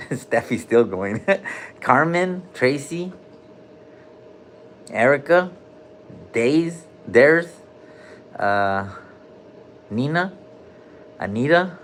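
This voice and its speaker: A man's voice: medium pitch, lively intonation, drawn-out words, long pauses, fairly bright tone, a little hiss or hum. A man hosting a casual livestream from a hospital room, joking loosely in heavy slang and calling out viewers' names. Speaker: livestream host.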